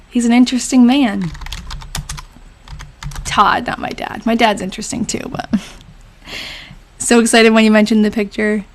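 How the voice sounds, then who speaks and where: A young woman with a slightly high voice hosting a live stream. She chats casually with viewers, answers their comments and laughs often. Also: fairly bright tone. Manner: chatty, laughs often, reads comments aloud. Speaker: live stream host reading old diaries.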